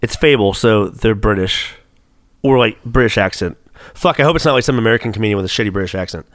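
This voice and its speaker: A man on a casual podcast, excitable and swearing heavily while he thinks aloud through a trivia question. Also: lowish voice, fast talker, no echo, studio quality. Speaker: co-host. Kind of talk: casual podcast chat, quiz game.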